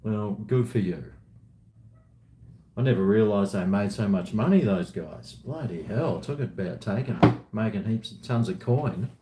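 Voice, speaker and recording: A man talks slowly in a low, mellow voice on a casual live stream from home. He rambles and swears freely. His voice rings around an echoey room. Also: animated, noisy background.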